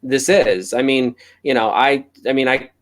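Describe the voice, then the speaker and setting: A man's voice: mid-range voice, unhurried. A man co-hosting a casual podcast over a call, hesitant and restarting his sentences often. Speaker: podcast co-host.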